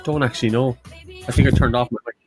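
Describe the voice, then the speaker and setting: A man's voice: mid-range voice, steady tone, quick pace, faint music behind. A man co-hosting a live quiz stream, chatting playfully and fooling with his mic. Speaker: quiz show co-host. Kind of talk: casual live-stream chat.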